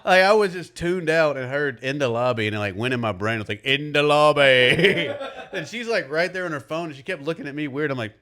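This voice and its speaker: A man's voice: on the high side, lively intonation, fast, few pauses, fairly bright tone. A young man co-hosting a podcast, chatting casually and telling rambling stories with frequent laughter. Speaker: podcast co-host. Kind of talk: casual chat.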